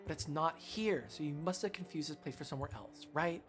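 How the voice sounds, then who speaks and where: A man's voice: fairly high pitch, fairly quick, a bit bright, faint music behind, close to an everyday voice. A man reading the lines of a stern mother who scolds her daughter curtly. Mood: scolding. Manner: curt and scolding.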